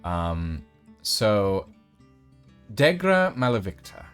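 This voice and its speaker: A man runs a tabletop game as game master, narrating slowly with many ums and uhs. His voice sits fairly low. Faint guitar music plays behind him. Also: very animated, a bit bright, smooth. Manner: unhurried, full of ums and uhs.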